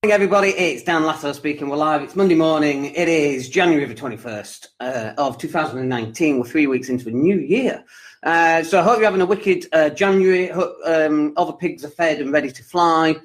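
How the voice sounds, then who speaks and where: A man's voice: on the high side, brisk. A man from England hosting his own podcast, talking casually and animatedly in a livestream monologue full of jokes and rants. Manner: animated, lively, jokey and ranting. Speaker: podcast host and property coach.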